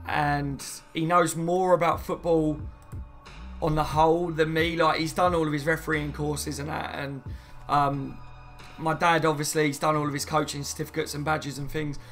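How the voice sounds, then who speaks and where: A man's voice: on the high side, level tone, moderate pace, a bit bright, faint music behind. A man hosting a casual live stream, chatting loosely and reading viewers' comments aloud before answering them. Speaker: fan channel host.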